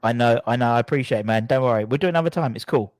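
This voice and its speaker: A man hosts a casual live stream and apologises at length, circling back with restarts. His voice sits in an ordinary middle pitch, and the sound is dry and close to the mic. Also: very fast, no room sound. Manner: apologetic and rambling, with repeated restarts. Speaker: host.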